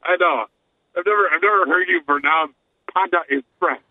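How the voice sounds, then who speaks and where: A man's voice: high voice, brisk, no echo. Wisecracking man on a tinny line. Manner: teasing, wisecracking. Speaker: podcast co-host. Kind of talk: casual comedic chat. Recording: tinny phone-like sound.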